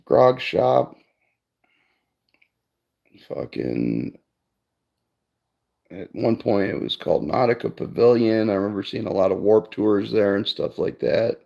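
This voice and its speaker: Gravelly man rambling through stories. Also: lowish voice, animated, slow pace, pauses often, mellow, highs cut off. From Cleveland area, Ohio, USA. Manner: rambling storytelling, swears freely, says "I'm like" often. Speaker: streamer. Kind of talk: casual chat to viewers.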